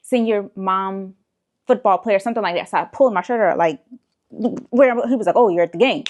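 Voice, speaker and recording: A woman's voice: mid-range voice, fairly quick. A woman vlogger, around her thirties, telling a personal story in a casual, exasperated way with frequent swearing. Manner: animated, exasperated retelling with profanity.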